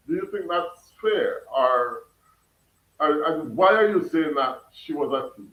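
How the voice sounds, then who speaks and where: A Jamaican man chats casually on a livestream, laughing and firing questions back at his viewers. His voice sits a little high for a man. He is set back from the mic in an echoey room. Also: moderate pace, a bit bright, distant mic. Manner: laughs often, questions his chat, mixes patois. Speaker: livestream host reading chat. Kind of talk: casual chat.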